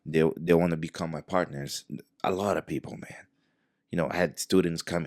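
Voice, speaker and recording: A man's voice: deep voice, moderate pace, dry recording, clean studio sound. A man, a jiu-jitsu professor telling a story in casual talk, acting out the dialogue as he goes. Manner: animated, acts out quoted dialogue.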